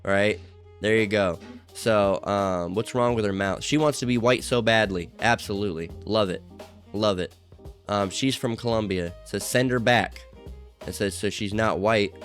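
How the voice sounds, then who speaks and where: Low-pitched male commentator, rambling and profane, reads comments over faint guitar. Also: normal speed, fairly bright tone. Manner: rambling, full of fillers and profanity. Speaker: online commentator. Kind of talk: casual commentary reading out comments.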